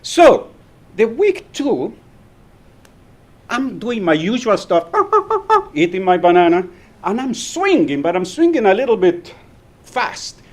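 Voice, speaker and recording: A man's voice: sits high, sing-song, slow pace, pauses often. A man giving a humorous speech at a club meeting. He tells his story with animation, laughs often and acts it out. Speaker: club speaker.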